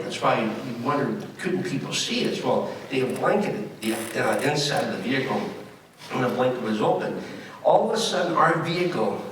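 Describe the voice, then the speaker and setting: A man's voice: medium pitch, fairly bright tone. Older man telling his story in an echoey hall. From United States. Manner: conversational, with fillers and wry humor. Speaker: speaker recounting his time as a hostage. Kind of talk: storytelling speech to an audience. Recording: echoey hall from far off, faint noise.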